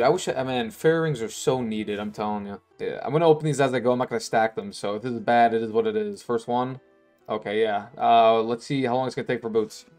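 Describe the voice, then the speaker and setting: A man narrates his own gameplay in a loose, casual way, slangy and quick to cheer or complain. His voice sits at an ordinary middle pitch. Faint music plays quietly behind him. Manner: excitable, slangy, swears freely. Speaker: gaming YouTuber. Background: faint background music.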